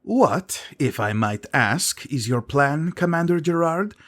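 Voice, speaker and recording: A man voicing a tough female airship pilot who speaks in a sharp, wary tone. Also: fairly high pitch, very animated, normal speed, voice pushed up.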